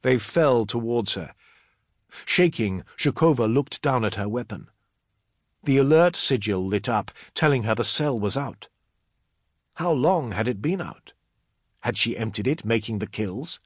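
A man narrating an audiobook in a dramatic, expressive reading. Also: medium pitch, unhurried, husky, no echo, studio quality.

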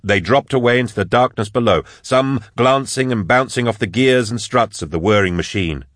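A man reading an action audiobook in a steady, dramatic scripted narration. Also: medium pitch, normal speed, no echo, clean studio sound.

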